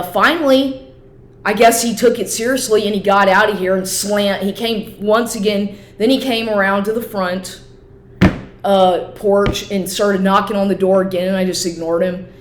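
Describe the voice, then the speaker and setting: A woman's voice: mid-range voice, fairly even intonation. Agitated woman ranting in an echoey room. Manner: upset, rapid, profane, repeats herself. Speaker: vlogger. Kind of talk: agitated personal rant to camera. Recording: echoey room with faint noise.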